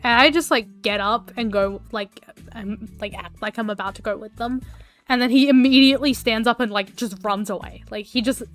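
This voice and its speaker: A woman's voice: a little high, fairly even intonation, moderate pace, fairly bright tone, soft background music. A woman streamer telling a story casually while she draws, rambling with lots of fillers and swearing.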